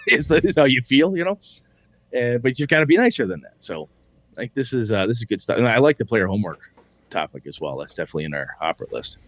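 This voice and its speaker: A man's voice: medium pitch, sing-song, quick pace, a bit bright, dry recording. A man co-hosting a casual podcast chat, rambling loosely, swearing offhand and acting out quotes. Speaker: podcast co-host.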